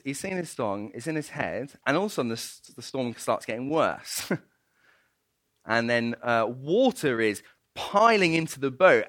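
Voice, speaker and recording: A man preaching a sermon and telling a story in an animated, playful way, often laughing. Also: fairly high pitch, dry recording.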